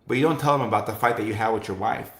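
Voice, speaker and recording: Gravelly guy just rambling casually on his show, lots of "like, you know", echoey room. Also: on the low side, very fast, a bit bright. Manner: loose and conversational, full of "like" and "you know" with many restarts. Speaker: host. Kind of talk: casual talk-show chat answering viewers.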